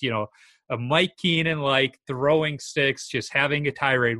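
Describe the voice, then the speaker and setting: Bright-voiced man hosting a casual chat. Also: mid-range voice, normal speed. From Minnesota. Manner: easygoing, asks questions, shares stories. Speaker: podcast host interviewing a guest.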